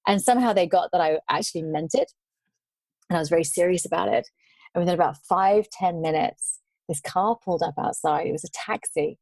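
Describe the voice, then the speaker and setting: A woman guest on a podcast, telling travel stories in casual conversation, animated and laughing now and then. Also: fairly low pitch, a little fast, creaky, no echo.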